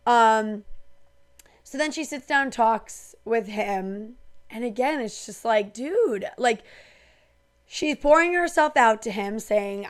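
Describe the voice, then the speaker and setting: A woman's voice: on the high side, slow pace. A woman hosting a reality TV recap, talking casually and with strong opinions, full of "like" and "um". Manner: chatty, opinionated, lots of fillers like "like" and "um". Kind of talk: casual recap talk to camera.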